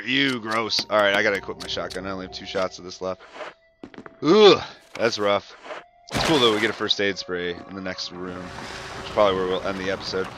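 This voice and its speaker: Over game music, a low-voiced man gives a slightly fast, casual walkthrough commentary on gameplay. He chats along, makes jokes at his own expense, and swears when something startles him.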